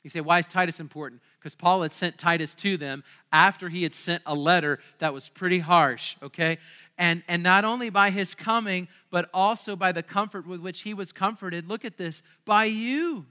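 A male pastor delivers a sermon to his church in a high, forceful, bright voice. His delivery is conversational yet emphatic, and he often turns to the crowd with rhetorical questions. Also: moderate pace. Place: church service.

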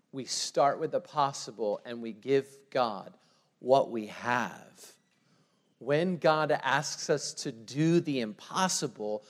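A man preaching a sermon. He talks in a conversational way, with frequent "like", and swings between hushed prayerful passages and loud, fast bursts. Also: mid-range voice, long reverb tail. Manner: conversational, uses "like" often. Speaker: pastor.

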